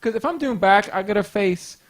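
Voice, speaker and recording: A man co-hosting a podcast, chatting casually with quick, teasing banter. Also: high voice, animated. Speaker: podcast co-host. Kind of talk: casual chat.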